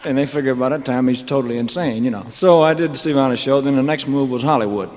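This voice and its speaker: A man on a concert stage rambles through a story, cracking jokes and laughing at himself between lines. His voice sits at an ordinary male pitch. A long concert-hall reverb trails after every phrase. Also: quick pace, darkish tone. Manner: rambling, joking, with laughing asides. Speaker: stage performer. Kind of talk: onstage storytelling monologue.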